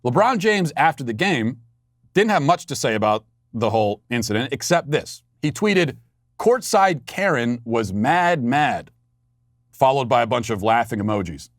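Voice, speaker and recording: A male podcast host talks through his commentary in a sarcastic, mocking tone, often restarting his sentences. His voice sits at a middling pitch. The studio sound is dry, with no room echo. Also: very animated, moderate pace. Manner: frequent fillers and restarts. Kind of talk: political commentary monologue.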